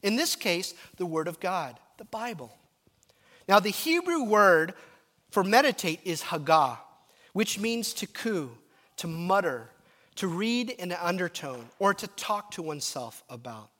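Lively preaching man in a hall. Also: high-pitched, measured pace. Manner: animated, storytelling, drops to a murmur at times. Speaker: pastor. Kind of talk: sermon. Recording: reverberant hall.

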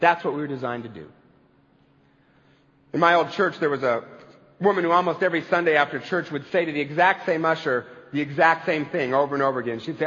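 A man with a high, bright-toned voice delivers a church sermon, moving from earnest storytelling into emphatic, rising declarations. His voice rings with a long hall reverb, as if in a church sanctuary, and the recording sounds a little dull and lo-fi. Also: fast talker. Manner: earnest storytelling preacher, building to emphatic climaxes. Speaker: pastor.

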